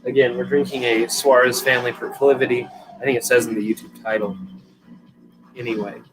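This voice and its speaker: A young man hosts a casual live stream, rambling to his viewers with plenty of swearing and self-deprecating asides. His voice sits at an ordinary middle pitch. Music plays clearly behind him. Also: little pitch movement, a little fast, low-quality recording. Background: music playing.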